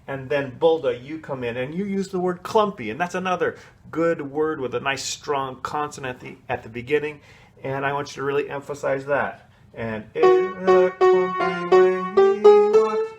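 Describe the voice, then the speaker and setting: A man teaching a children's choir, explaining solos in a relaxed, chatty way and singing short snippets to show how they go. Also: mid-range voice, moderate pace, faint music behind. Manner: casual, explanatory, sings short snatches to demonstrate. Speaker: music teacher. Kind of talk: coaching a kids' choir on song solos.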